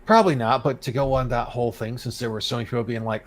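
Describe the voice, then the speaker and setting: A man's voice: mid-range voice, fast talker, poor audio. A man hosting a casual podcast chat, ranting and reading out quotes with a sarcastic edge. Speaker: podcast host.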